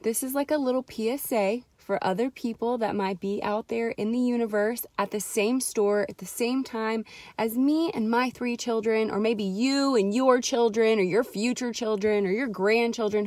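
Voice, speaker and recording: A woman's voice: a little high, normal speed, a little mellow, no room sound. A young mother, ranting sarcastically to camera in a chatty vlog full of "like" fillers. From Texas. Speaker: vlogger.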